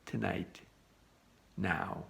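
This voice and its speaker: A man's voice: extremely slow, a bit bright. A man voicing a stern male angel of death who answers in short, unbending replies. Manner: curt, unbending.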